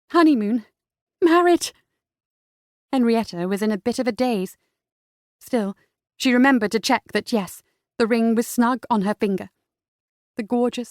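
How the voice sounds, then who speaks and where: A woman narrating a romance audiobook in a measured storytelling manner. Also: mid-range voice, dry recording, clean studio sound. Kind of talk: scripted narration.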